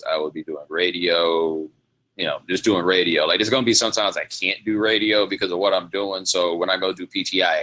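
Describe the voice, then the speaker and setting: A man's voice: sits low, pushed and bright. A man hosting his own show, telling loose, rambling stories in a casual, slangy way with frequent laughs. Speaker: podcast host. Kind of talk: casual storytelling monologue.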